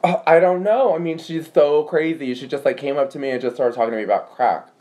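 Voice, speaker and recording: A man's voice: fairly high pitch, quick pace, darkish tone, natural voice, poor audio. A man voicing a catty, gossipy teenage girl who rules her school clique, with a dismissive valley-girl drawl. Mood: catty gossip. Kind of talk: fan monologue reenactment.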